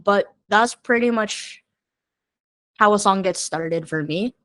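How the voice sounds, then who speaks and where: A woman songwriter speaks as a guest in a candid, chatty conversation. Her speech is slow and unhurried, and she thinks aloud as she goes. The recording sounds close and dry. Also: medium pitch, fairly bright tone, no echo.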